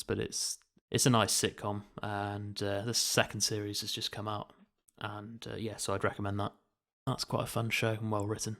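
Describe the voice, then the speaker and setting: Gravelly, flat-voiced man. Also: on the low side. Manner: flat, gravelly, with filler pauses. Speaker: podcast co-host. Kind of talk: casual chat.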